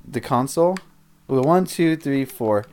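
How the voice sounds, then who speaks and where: A man's voice: medium pitch, animated, unhurried, darkish tone, clear, resonant tone. Rambling male game streamer. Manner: rambling, self-interrupting, chuckles at chat. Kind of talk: casual game-building livestream chat.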